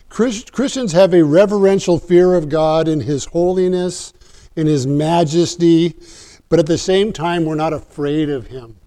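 A man's voice: a little high, warm tone. A man preaching a sermon in an earnest, emphatic way, often restarting his sentences.

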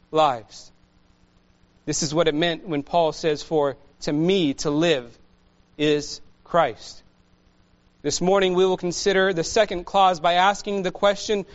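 A high-voiced man preaches a sermon at a deliberate, unhurried pace, pausing for emphasis. The recording sounds a little dull and muffled. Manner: slow, measured preaching with emphatic pauses. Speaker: pastor.

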